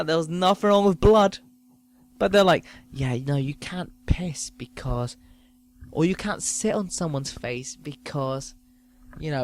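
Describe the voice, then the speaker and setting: A man ranting through a sweary comedic monologue, swinging between loud outbursts and low muttering. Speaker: podcast host.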